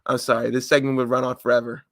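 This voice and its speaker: A man's voice: medium pitch, flat delivery, fast, fairly bright tone, no room sound, clean studio sound. A man co-hosting a podcast in casual chat, joking loosely as he reads out listener answers. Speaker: podcast co-host.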